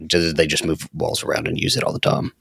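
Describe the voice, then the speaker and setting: A man's voice: a bass voice, big pitch swings, fairly quick, creaky, a bit bright, husky, no room sound, clean studio sound. A man on a podcast, chatting casually and opinionated, stumbling over restarts and swearing. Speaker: podcast co-host.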